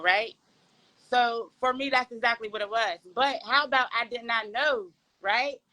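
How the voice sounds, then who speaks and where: A woman's voice: fairly high pitch, rough recording. A woman from Pittsburgh with a Pittsburgh accent, a podcast guest chatting casually and animatedly about her experience, talking straight to the listeners. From Pittsburgh, Pennsylvania. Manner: animated, talks to the audience as y'all, folksy. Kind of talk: casual testimonial chat.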